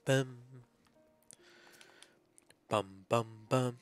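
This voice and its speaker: A man's voice: lowish voice, normal speed, pushed and bright, no echo. A male streamer chats playfully over his game, with giggly, offhand asides. His voice is dry and close to the mic, with faint game music behind. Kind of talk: casual gaming stream chat.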